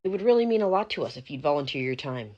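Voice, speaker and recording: A woman's voice: low-pitched, expressive, racing, darkish tone, highs cut off. A woman voicing a smug, entitled man who owns a wedding venue, pushy and patronizing in a falsely friendly way. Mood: condescending.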